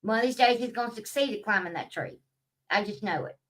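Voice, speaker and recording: A woman's voice: medium pitch, fairly quick, fairly bright tone, recorded from a distance. A woman vlogger ranting casually, blunt and heavily profane, rambling from one story to the next. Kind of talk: casual rant to camera.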